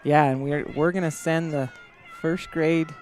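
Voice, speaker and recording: A man's voice: a little high, fairly even intonation, a little slow, a little mellow, a little hiss or hum. Chatty, laughing male race commentator. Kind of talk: live event commentary. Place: indoors, watching on a big screen.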